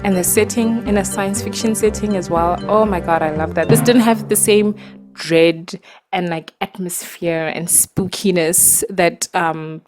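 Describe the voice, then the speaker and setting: A woman talking casually about books to her viewers, animated and exasperated, with lots of fillers and laughs, recorded in a dark room at night. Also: on the low side. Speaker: booktuber. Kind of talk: casual ranting book review.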